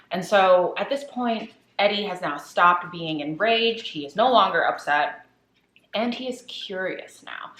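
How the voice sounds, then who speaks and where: A woman's voice: mid-range voice, reverberant, poor audio. A woman vlogger who eats on camera while she chats her way through a spooky story. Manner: chatty, animated retelling. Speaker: vlogger telling a horror story. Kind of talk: casual storytelling while eating.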